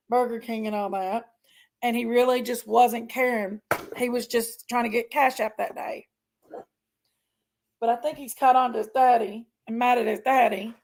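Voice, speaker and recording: A woman hosting a casual live stream from her couch at home, a little hoarse from allergies and talking in a rambling, chatty way. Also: a little high, rough recording.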